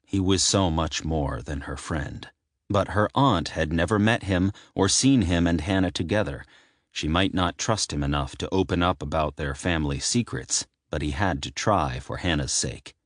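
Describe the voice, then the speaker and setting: A man narrating a dark romance audiobook in a measured, dramatic reading. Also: deep voice, no room sound, studio quality. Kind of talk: scripted narration.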